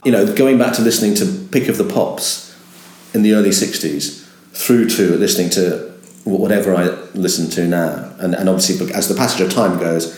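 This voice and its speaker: An older man, a veteran radio presenter, reflects in an interview in a low voice at normal speed, with a reverberant sound. He's animated, now and then jumping into a bright, upbeat on-air voice to demonstrate.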